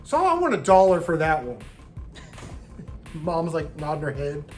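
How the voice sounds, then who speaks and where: A man's voice: on the high side, sing-song, a little fast, faint music behind. A man casually telling stories from his video game hunting trip, swearing freely and mimicking the people he bargained with. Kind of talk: casual storytelling vlog.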